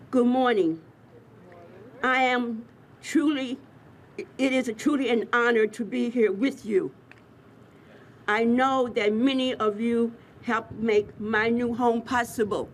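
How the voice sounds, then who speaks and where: A woman's voice: a little high, steady tone, takes it slowly, pauses often. An older woman, a resident, giving nervous, flustered remarks at a public ceremony. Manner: nervous, flustered, breathy asides. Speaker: resident speaker. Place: outdoor ceremony. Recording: outdoor event with clear background noise.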